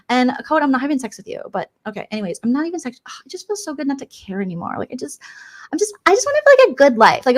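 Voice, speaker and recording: A woman doing a comedic impression of a catty, self-absorbed 54-year-old female streamer, rambling and gossipy with valley-girl fillers. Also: fairly high pitch.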